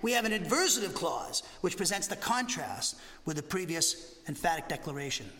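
A man preaching an expository sermon as pastor, talking in an animated, conversational way with frequent restarts. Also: on the high side, normal speed, in a large hall. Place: church sanctuary.

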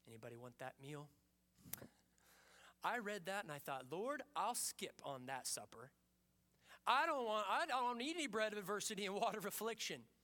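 A man preaching a sermon with passion, rising to urgent peaks and dropping to hushed, quiet stretches. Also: mid-range voice. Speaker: pastor.

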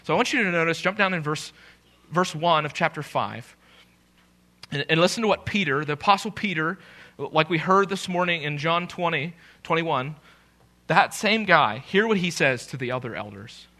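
Man, pastor, live church sermon, lively swooping pitch, playful asides. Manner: animated, joking with the congregation, repeats key phrases slowly for emphasis. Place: church sanctuary, live preaching.

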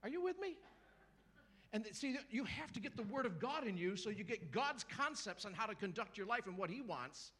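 A middle-aged man preaching a sermon to a church congregation, lively and joking, acting out little voices and calling out to the crowd. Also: high-pitched, fairly quick, few pauses, breathy edge. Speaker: guest preacher.

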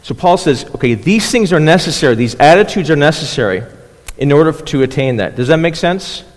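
A man's voice: on the high side, expressive, brisk. Man preaching in a reverberant hall. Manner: conversational, checks in with listeners; restarts and repeats words. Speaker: pastor. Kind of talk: sermon.

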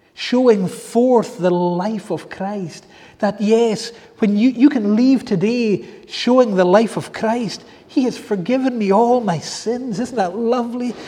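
Male preacher, high mellow voice, fervent pleading sermon delivery, echoey hall sound. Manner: fervent, drawn-out pleading exclamations. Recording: echoey hall with long reverb.

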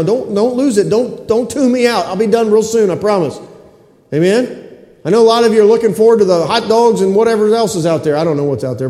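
A middle-aged man delivers a sermon from the pulpit, his high, mellow voice ringing through a reverberant church hall. He repeats his key lines for emphasis and keeps asking the congregation to answer back. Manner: emphatic, repetitive, asks the congregation for responses. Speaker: pastor. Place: church sanctuary.

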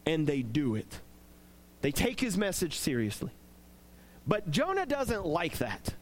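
A man preaching in a casual, conversational devotional style and retelling a scripture story in an animated way. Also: on the high side, measured pace.

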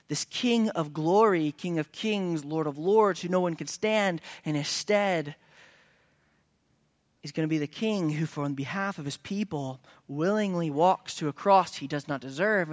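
A man preaching a sermon, moving between casual asides and loud, emphatic declarations, at times dropping to a hush. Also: on the high side, no room sound. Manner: conversational preaching that swings from hushed to loud and emphatic. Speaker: pastor.

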